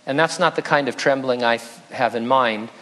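A man's voice: medium pitch, moderate pace, sharp tone, faint music behind. A man preaching a sermon as pastor, earnest and conversational with touches of light humor. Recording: long reverb in a large hall.

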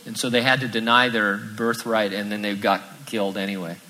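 A man preaching a sermon, lively and acting out the voices in his quotes. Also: fairly low pitch, fairly quick, slight background noise, poor audio. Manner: animated, acts out quoted voices. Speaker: pastor.

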